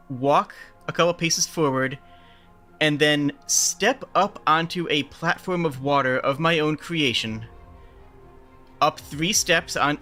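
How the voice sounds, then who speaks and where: A man playing a tabletop game, describing his character's actions in a grand, deliberate way. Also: a little high, bright, forceful tone. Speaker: player.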